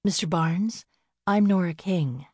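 A woman's voice: lowish voice, takes it slowly, a little mellow, breathy edge, no room sound, studio quality. A woman voicing an earnest, flustered young farm woman who speaks kindly and trips over her words when nervous. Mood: flustered, caring.

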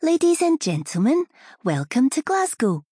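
A woman's voice: high-pitched, very animated, moderate pace, dark tone, no room sound, voice pushed up. A woman voicing a female flight attendant making a cheery sing-song cabin announcement. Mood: cheery announcing.

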